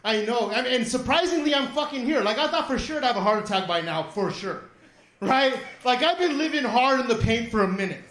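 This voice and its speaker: A man's voice: very high voice, lively intonation, a little fast, a bit bright, roomy sound. A man in his forties doing a stand-up set in a small comedy studio, rambling, profane, and acting out the voices he quotes. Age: 40s.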